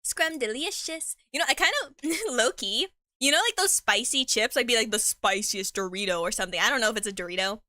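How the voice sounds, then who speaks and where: Bright-voiced young woman chatting while eating. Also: fairly high pitch, quick pace, few pauses, dry recording, studio quality. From Mexican heritage. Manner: chatty and rambling, stumbles over words, slangy, laughs often, talks with mouth full. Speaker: streamer. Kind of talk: casual chat while eating.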